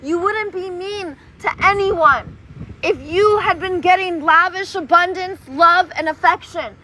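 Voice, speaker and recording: A woman's voice: very high voice, measured pace, bright, forceful tone. A woman chatting on a casual livestream outdoors, reading chat in a playful, doting, sing-song way. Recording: noisy outdoor street recording. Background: traffic noise.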